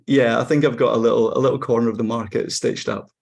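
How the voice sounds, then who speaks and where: A Scottish actor in his forties, chatting in an interview in a relaxed, wry way with frequent ums and restarts. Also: medium pitch, fast talker, gravelly, husky. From Scotland. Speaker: actor guest. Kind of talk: casual interview chat.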